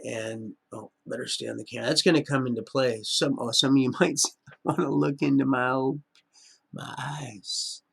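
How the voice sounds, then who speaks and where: A man's voice: medium pitch, fairly even intonation, brisk, vocal fry, fairly bright tone, husky. A middle-aged man rambling through a live-stream monologue, often wandering off topic. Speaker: livestreamer.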